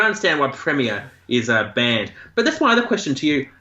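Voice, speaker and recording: A man, co-hosting a podcast in casual chat, animated and laughing often. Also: fairly quick, hardly any pauses. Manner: animated, laughs often, jumps up in pitch for emphasis. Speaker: podcast co-host. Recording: echoey, dull lo-fi room sound.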